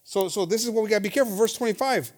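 A man preaching a bilingual sermon, reading scripture slowly and acting out the voices of his listeners. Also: sits high. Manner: switches between Spanish and English, reads scripture slowly; acts out congregants' voices, animated. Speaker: pastor.

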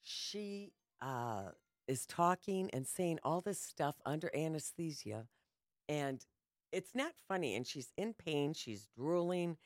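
A woman's voice: low-pitched, takes it slowly, no echo, clean studio sound. An older woman co-hosting a casual talk show, telling stories and acting out quoted lines. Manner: storytelling, animated, acts out quotes. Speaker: co-host. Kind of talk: casual chat.

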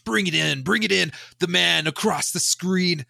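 This is a booming, gravelly pro wrestler persona, put on by a man mid-podcast. The voice sits far above his usual pitch and stays bright and pushy. The sound is close and dry. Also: moderate pace, no room sound, heavily acted. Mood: hammy. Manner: gravelly drawl, hammy and exaggerated. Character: gravelly loud male pro wrestler impression. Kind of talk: podcast chat impression.

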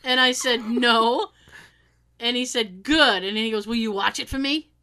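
A woman's voice: a little high, fast talker, bright, forceful tone. A woman casually telling a story and acting out the quotes, swearing freely.

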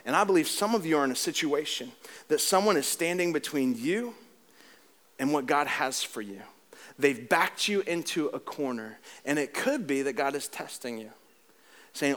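Animated preacher man, joking then earnest. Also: on the high side, moderate pace. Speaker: pastor. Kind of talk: sermon.

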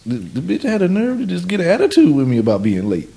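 A man's voice: high-pitched, wildly swooping pitch, quick pace, vocal fry, mellow. A man co-hosting a podcast, joking and profane, full of energy. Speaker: podcast co-host. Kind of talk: casual podcast chat.

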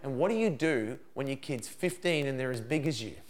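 Animated man teaching parents. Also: medium pitch, fairly quick. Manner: animated, acts out dialogue in put-on voices. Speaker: parenting seminar speaker. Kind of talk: lively seminar talk.

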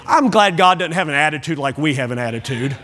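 A man's voice: fairly high pitch, animated, fast talker, bright, forceful tone. A man preaching a sermon to a church congregation, emphatic and repetitive, putting questions directly to his listeners. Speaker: pastor. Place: church sanctuary.

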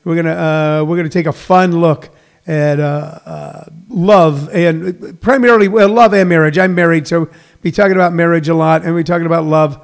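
A man's voice: a little high, fairly even intonation, moderate pace, gravelly. A middle-aged man hosting a comedy podcast in a rambling, self-correcting way, full of fillers. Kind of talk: casual solo radio-style show.

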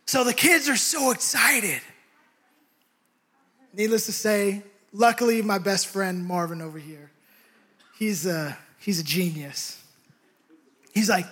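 Young male preacher, Bay Area raised, animated storyteller who shouts and laughs mid-sermon. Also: high voice, slow, long pauses, breathy edge. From San Francisco Bay Area.

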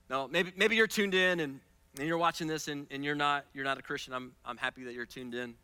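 A man preaching a sermon as pastor, moving from casual, soft asides with repeated words to loud, high-pitched passages. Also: expressive, fairly quick, clear, resonant tone, no echo.

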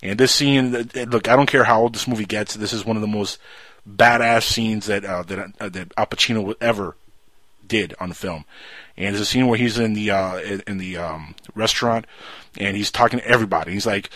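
Enthusiastic man with a bright voice. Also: a little fast, dry recording. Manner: enthusiastic, acts out film quotes with rising pitch. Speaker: podcast host. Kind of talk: casual movie talk with quoted lines.

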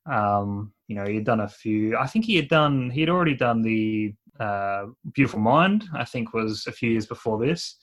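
A man's voice: lowish voice, lively intonation, normal speed, hardly any pauses. A young man, co-hosting a casual film-review chat in a rambling, easygoing way. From Australia. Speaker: podcast co-host.

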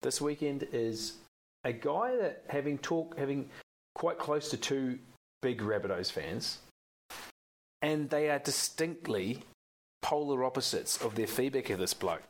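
A man's voice: mid-range voice, animated, a little slow. An Australian man co-hosting a sports podcast, chatting casually and opinionated, rambling and swearing now and then. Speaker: podcast co-host.

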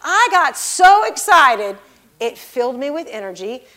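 A woman giving a sermon and personal testimony, swinging between hushed, near-whispered passages and loud, emphatic exclamations as she explains scripture. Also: high-pitched, big pitch swings, unhurried. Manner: emphatic, expository. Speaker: preacher.

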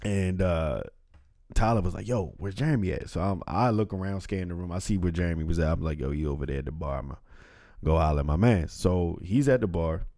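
Deep-voiced man telling a laid-back story. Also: expressive, a little fast, dark tone, dry recording, studio quality. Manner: laid-back storytelling, slangy, repeats himself. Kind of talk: casual chat.

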